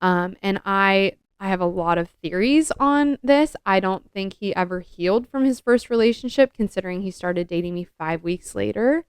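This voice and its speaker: A young woman shares a personal story on her podcast in an earnest, confessional tone, with "like" scattered through her speech. Her voice is strikingly smooth and clear. The recording is dry and close, with no room sound. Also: mid-range voice, no echo. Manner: earnest, confessional, heavy use of "like". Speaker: podcast co-host.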